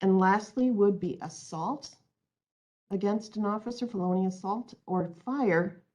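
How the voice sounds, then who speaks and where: A woman's voice: medium pitch, unhurried, warm tone. A woman presenting an online training webinar, reading out audience answers and then explaining her points earnestly, on a computer mic.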